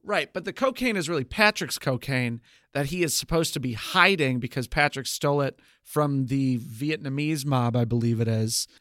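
A man co-hosting a podcast, casually recapping a TV show with wry, sarcastic asides and drawn-out emphasis. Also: medium pitch, fairly bright tone, no echo, clean studio sound. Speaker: podcast co-host. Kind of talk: casual chat reviewing a TV show.

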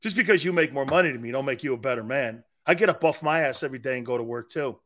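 A man's voice: medium pitch, quick pace, fairly bright tone. A man hosting a sports talk show, brash and profane, rambling and talking straight to his listeners, edgy from short sleep. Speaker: sports radio host.

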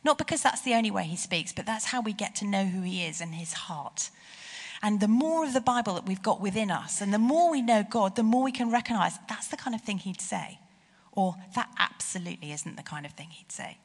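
A woman's voice: mid-range voice, fairly quick. Woman preaching in an echoing hall. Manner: animated, rising emphasis on key phrases. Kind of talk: sermon with personal stories. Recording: long hall reverb.

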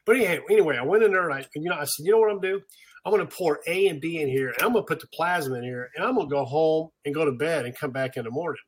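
A man's voice: fairly high pitch, very fast, slight background noise. An older man, a guest on a podcast, telling stories in casual chat and acting out the people he quotes. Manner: animated storyteller, acts out quotes. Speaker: podcast guest, pro turf manager.

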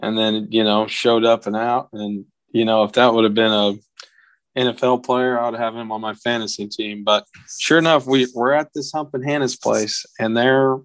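A young man from tells a story in casual podcast chat. His voice sits mid-range, recorded dry and close. He acts out the quotes in a higher, livelier voice. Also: fairly even intonation, normal speed, clear, resonant tone, no room sound. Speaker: podcast guest.

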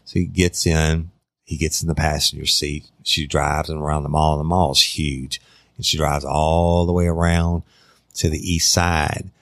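Man, casual true crime narration, chats to listeners, very dry close sound, deep voice. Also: little pitch movement, unhurried, a bit bright, no room sound. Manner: conversational, addresses listeners directly, acts out quotes.

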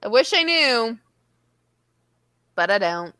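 A woman co-hosting a podcast in casual chat, playful and laughing often, mimicking others in high voices. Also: sing-song, takes it slowly, sharp tone, no room sound. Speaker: podcast co-host.

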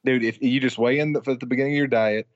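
A man co-hosting a casual sports podcast who gives quick, matter-of-fact advice. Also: medium pitch, steady tone, no room sound. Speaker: podcast co-host. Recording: dry, dull lo-fi audio.

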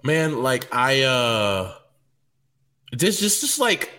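Male co-host, mid-pitched and lively, confident, chatty. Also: extremely slow. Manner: animated, laughing, confident. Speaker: podcast co-host. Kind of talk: casual chat.

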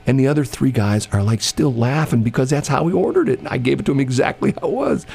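A man's voice: mid-range voice, brisk, vocal fry. A man telling a story in casual chat, acting out the people in it and laughing often. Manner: animated, acts out quoted voices, laughs often.

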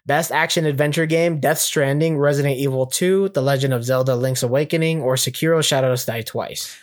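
Laid-back young man, quick to laugh. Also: medium pitch, steady tone. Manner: laid-back, laughs often, many fillers. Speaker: podcast co-host. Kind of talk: casual gaming chat.

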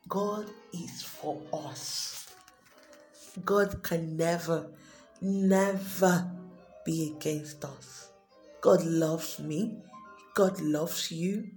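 A woman's voice: low-pitched, extremely slow, pauses often, a little mellow. A woman hosting her own unscripted devotional podcast, speaking earnestly and repeating herself. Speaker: podcast host. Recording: echoey room with faint music.

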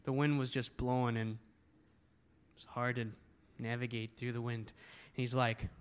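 A man, a touring slam poet, telling a comic story live on stage, animated and casually profane. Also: mid-range voice, unhurried, smooth. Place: poetry slam venue, live audience.

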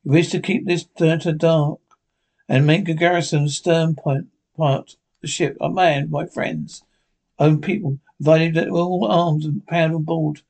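A dry, witty country doctor, calm and wry with a slightly raised voice, as a man reads him. He speaks in an easy storybook gentleman's tone. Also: a little high, a little slow, gravelly.

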